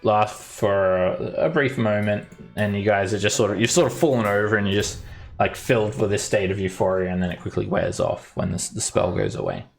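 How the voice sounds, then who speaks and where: A man's voice: fairly low pitch, a little fast, vocal fry, faint music behind. A man narrating as game master, talking casually and filling his lines with "like" and "uh". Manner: chatty, full of "like" and "uh".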